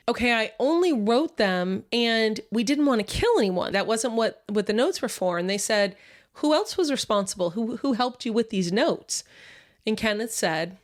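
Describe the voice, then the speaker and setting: A woman co-hosting a true-crime podcast, chatting casually with joking asides. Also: a little high. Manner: joking asides and quick agreement. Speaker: podcast co-host.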